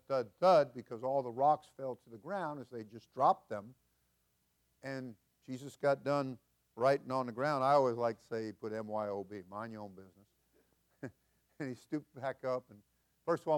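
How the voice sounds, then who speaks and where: An older man preaching as senior pastor, folksy and chuckling, building to loud emphatic peaks. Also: medium pitch. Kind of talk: sermon.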